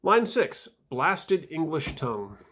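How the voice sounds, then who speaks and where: A man reading his own footnotes aloud in a casual vlog, dry and wry, with fillers and soft mumbled asides. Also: on the high side, sing-song, slow.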